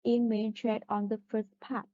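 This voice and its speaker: A student presenter reads a pronunciation lesson on stressing compound words, carefully listing examples. Her voice is on the high side and dark in tone, with a flat delivery at a moderate pace, captured in a dry, phone-like recording.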